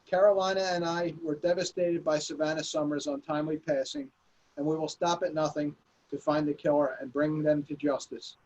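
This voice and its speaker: A man's voice: a little high, darkish tone, close to an everyday voice. A man playing a self-righteous male vice president of a big-cat preserve, dry and wry, reading a murder-mystery party script over a video call. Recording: muffled video call audio.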